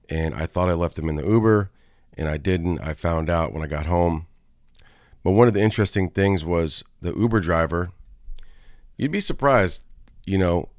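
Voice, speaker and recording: A very low-pitched man from Florida talks through a loose, digressive story for his movie podcast. He restarts sentences often and drops casual swears as he goes. The sound is dry and close, with no room echo. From Florida, USA. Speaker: podcast host, film reviewer. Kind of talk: casual rambling monologue.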